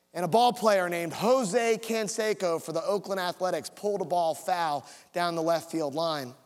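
Male pastor, higher voice, storytelling sermon, long church-hall reverb. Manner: storytelling, builds to an altar call. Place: church sanctuary.

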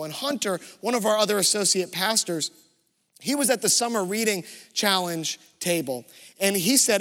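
High, bright-voiced pastor preaching in a hall. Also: male voice. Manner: lively storytelling preacher. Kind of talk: sermon.

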